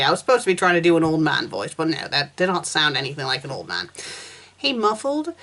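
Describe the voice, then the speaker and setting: A woman's voice: fairly low pitch, a bit bright. A woman reviewer reading fan fiction aloud, breaking in with sarcastic, exasperated comments.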